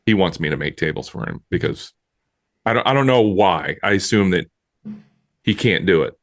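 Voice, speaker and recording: A low-pitched man chats with friends on a podcast, joking at his own expense and sometimes getting sincere. His voice swings widely in pitch, and the recording is close and dry with no room sound. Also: lively intonation, normal speed, no echo. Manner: joking, self-mocking, then earnest. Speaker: podcast co-host, woodworker. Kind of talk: casual banter among friends.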